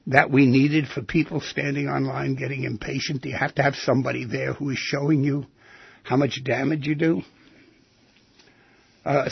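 A man's voice: mid-range voice, gravelly, husky, no room sound. A man hosting a radio talk show, musing thoughtfully and asking rhetorical questions. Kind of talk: reflective radio monologue. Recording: dull lo-fi radio broadcast.

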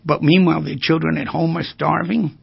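Male therapist giving a lecture-style talk, raised pitch, gravelly and husky, quite dry audio. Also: a little fast, no echo. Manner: animated, asks rhetorical questions. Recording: dull lo-fi recording.

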